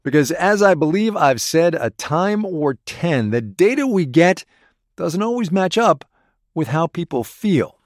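A man's voice: fairly high pitch, sing-song, a little slow, dry recording, studio quality. A middle-aged man hosting a public radio business program, talking in a wry, conversational way while on location in a cafe. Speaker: radio show host.

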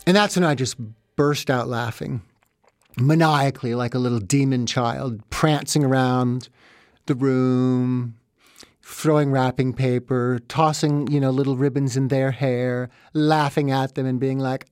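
A man telling a comic story about his childhood in a sardonic, exaggerating, deadpan way, close to the mic. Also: medium pitch, measured pace, no echo, faint music behind.

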